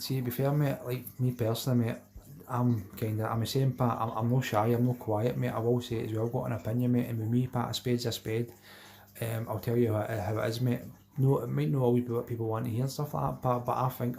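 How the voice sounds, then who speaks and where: Gravelly, fast-talking Scottish man. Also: medium pitch, dark tone. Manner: chatty, repeats himself, says mate constantly. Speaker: live stream host. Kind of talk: casual live chat reading comments.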